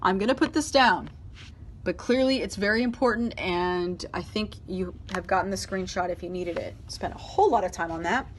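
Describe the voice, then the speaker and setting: A woman's voice: mid-range voice, moderate pace, slight background noise. A woman giving a casual tarot reading to her viewers, speaking emphatically, repeating her points and talking aloud to spirit. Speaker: tarot reader.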